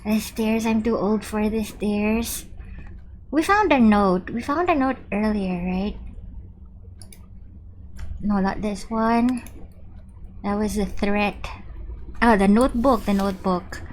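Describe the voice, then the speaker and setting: A young woman gives relaxed, chatty commentary during a game stream, reading the in-game text aloud as she goes. Her voice sits at an ordinary middle pitch, and a faint hiss runs under the recording. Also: takes it slowly, long pauses. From Philippines. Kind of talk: live gameplay commentary.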